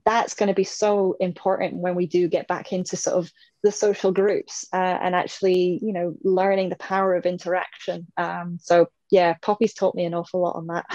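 A woman's voice: on the low side, little pitch movement, normal speed, a little mellow, no echo. Woman in her 30s chatting away on a podcast, laughs a lot, kinda muffled and dry. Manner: chatty, laughs often, acts out her dog's thoughts. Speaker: interview guest, swimmer. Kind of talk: casual interview chat.

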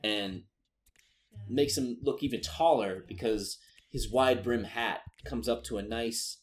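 A man narrating as game master of a tabletop game, relaxed and full of fillers and laughs. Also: mid-range voice, slow.

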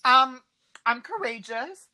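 A woman's voice: high voice, expressive, slow pace, noisy background. A young woman co-hosting a casual podcast, playful and giggly as she reads from a website. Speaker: podcast co-host. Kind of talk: casual chat.

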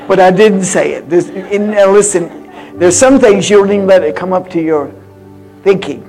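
A woman in her eighties preaching a sermon with personal stories, swinging from loud exhortation to hushed confiding. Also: fairly low pitch, normal speed, music in the background. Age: 80s.

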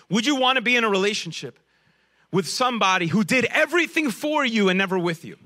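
Male pastor, high bright voice, animated preaching to the congregation, dips low and soft for emphasis. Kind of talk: sermon.

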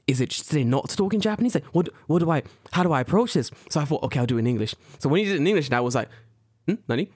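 A young man from the UK, co-hosting a casual podcast chat, telling stories in an animated, slangy way and acting out the people he quotes. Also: racing, breathy edge, no echo, studio quality. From United Kingdom. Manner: animated storytelling, acts out quoted people with big pitch jumps; swears freely, slangy. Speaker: podcast co-host.

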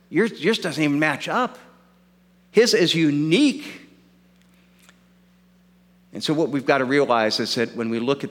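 Earnest pastor, high voice, hall echo. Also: male voice, fairly bright tone. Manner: earnest, repeats words while working through an argument. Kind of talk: sermon.

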